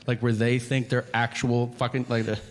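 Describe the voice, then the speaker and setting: A man's voice: medium pitch, little pitch movement, normal speed. A man performing a stand-up comedy routine, telling stories in a profane, mock-exasperated way. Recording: live stage recording with audience noise and reverb.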